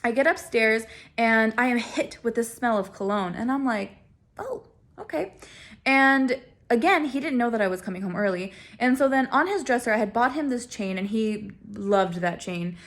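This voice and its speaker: Young woman, slightly high voice, casual storytelling vlog, animated, self-mocking, laughing often. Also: normal speed. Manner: acts out quoted lines with big pitch swings. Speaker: vlogger.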